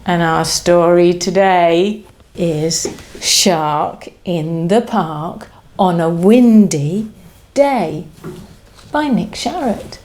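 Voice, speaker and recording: A nursery teacher, a woman, reading a picture book aloud to young children in a lively, sing-song way and inviting them to join in. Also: fairly low pitch, extremely slow.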